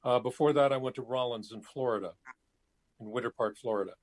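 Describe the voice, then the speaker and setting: Older guy on a cell phone call, hesitant, restarts a lot, mid pitch. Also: brisk. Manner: hesitant, many fillers and restarts. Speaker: guest. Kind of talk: casual interview chat.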